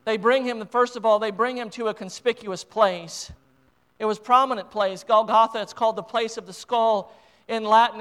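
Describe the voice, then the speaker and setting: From the pulpit, a high-pitched American pastor with a smooth, resonant voice delivers a deeply emotional sermon of rising conviction. He frequently repeats and restarts his words, and his passion builds from quiet reflection to fervent appeals.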